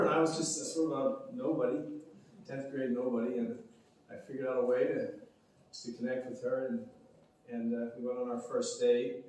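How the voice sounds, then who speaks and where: An older man in his sixties accepting an award at a banquet, sentimental and full of false starts. His voice sits at an ordinary pitch. It rings through a big echoey hall, picked up from well back. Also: darkish tone, distant mic, slight background noise. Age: 60s. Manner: rambling, heartfelt, halting restarts. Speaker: award recipient. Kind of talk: acceptance speech.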